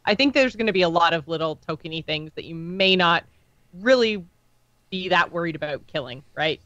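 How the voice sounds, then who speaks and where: An eager man with a bright, forceful voice co-hosts a card game podcast and keeps pitching ideas. The sound is dry and slightly dull. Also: animated, dry recording. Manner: eager, throws in quick ideas and laughs. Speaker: podcast co-host. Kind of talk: casual card game discussion.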